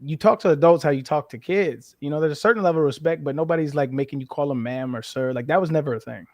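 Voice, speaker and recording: A man in his thirties from New Mexico, a former football player, talking as an interview guest in a frank, profane way with lively storytelling. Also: fairly high pitch, fast, no room sound, studio quality. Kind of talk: casual interview chat.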